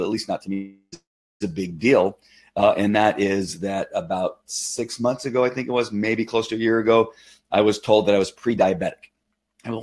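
A man hosting a live stream, talking casually in an excitable, rambling way with many restarts. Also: fairly low pitch.

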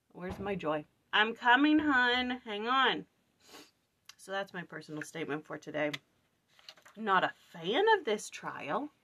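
A woman talking casually in a scripture study vlog, tired and venting, telling an animated story about a hard day at work. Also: lowish voice, breathy edge. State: weary. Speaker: vlogger.

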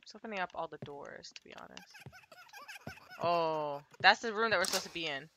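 Streaming a horror game alongside a friend, this young gamer keeps getting spooked and cursing in casual chat. She talks briskly in a lowish voice, and background noise is audible.

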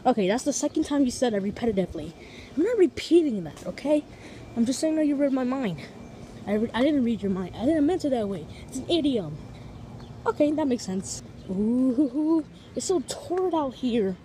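Woman vlogger, higher voice, chatty walk-and-talk outdoors, fond of fancy words. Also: big pitch swings, normal speed, mellow, a little hiss or hum. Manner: chatty, piles on big vocabulary words; talks to viewers while walking. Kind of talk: casual walking vlog. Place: outdoors on streets and in a park.

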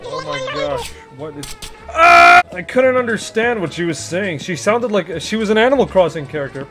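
A man voicing a gruff, greedy old sea-captain crab, using salty pirate growls and frantic yelling while commentating on a game. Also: high voice, sing-song, normal speed, over loud music. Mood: panicked. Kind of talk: in-character gaming commentary.

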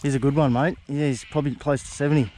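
An excitable Australian man chatting with a mate while fishing on a river, recorded outdoors on a camera mic. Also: mid-range voice, fast talker, noisy background. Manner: excitable, laughing banter with a mate. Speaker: fishing vlogger. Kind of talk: casual chat while fishing.

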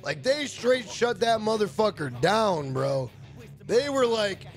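A man's voice: high voice, sing-song, a little slow, soft background music. A man live-streaming a game, chatting casually and profanely while reading viewers' messages aloud. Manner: rambling, profane, jokey, reads chat aloud. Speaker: gaming streamer.

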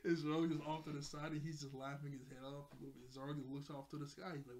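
Young man, casual chat, rambling, laughs a lot, slightly high voice, home room. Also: little pitch movement, fast talker, few pauses, a little mellow. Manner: rambling, laughs often, repeats himself. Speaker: anime episode reviewer. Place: home room, seated in a chair.

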